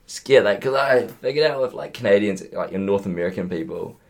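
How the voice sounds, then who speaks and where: Low-voiced young Kiwi guy, mumbly, rambling chat. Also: lively intonation, brisk. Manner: rambling anecdotes, says he mumbles. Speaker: podcast co-host. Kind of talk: casual chat.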